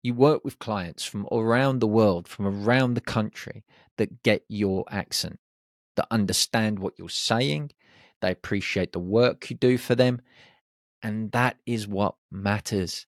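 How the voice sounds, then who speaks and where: Guy doing an upbeat pep-talk podcast, lowish voice, dry close sound. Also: unhurried, dry recording. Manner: upbeat, encouraging, jokey asides. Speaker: podcast host. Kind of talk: motivational podcast monologue.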